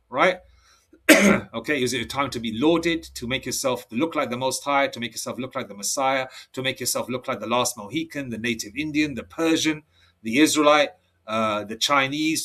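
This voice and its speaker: In a solo religious monologue, a mid-pitched male preacher rambles and restarts, reading scripture slowly before flaring up hot. He's excitable, given to heated outbursts.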